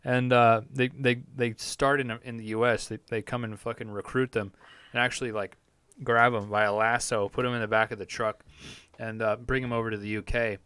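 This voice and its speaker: A man's voice: medium pitch, flat delivery, a little fast, sharp tone, clean tone, no room sound. A man hosting a podcast, rambling crudely and laughing at his own jokes in a casual comedic rant. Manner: rambling, profane, self-amused. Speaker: podcast host.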